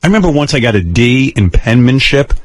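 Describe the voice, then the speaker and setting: An older man tells stories on a talk radio show in a blunt, profane, wry way, his pitch rising and falling a lot as he goes. The studio sound is close and dry, with no room around the voice. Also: big pitch swings, fairly quick, no room sound. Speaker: radio host. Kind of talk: candid storytelling on talk radio.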